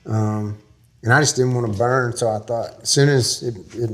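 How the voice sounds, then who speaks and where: A man's voice: medium pitch, fairly even intonation, moderate pace, a bit bright. A man from Texas, a guest in an interview, telling a long story in a folksy, rambling way with small laughs.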